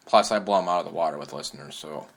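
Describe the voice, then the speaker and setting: A man's voice: sits low, quick pace, vocal fry. A man hosting a casual podcast, blunt and laughing often, who swears freely. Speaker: podcast host.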